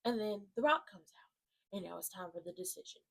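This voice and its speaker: A woman giving an animated, slangy rant that recaps a wrestling show, with emphatic asides to her viewers. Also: medium pitch, brisk, creaky. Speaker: wrestling commentary vlogger. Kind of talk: casual ranting recap.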